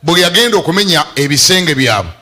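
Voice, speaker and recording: Animated, bright-voiced preacher. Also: male voice, on the high side, quick pace. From Uganda. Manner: animated, laughing, bursts into shouts. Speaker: bishop. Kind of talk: sermon.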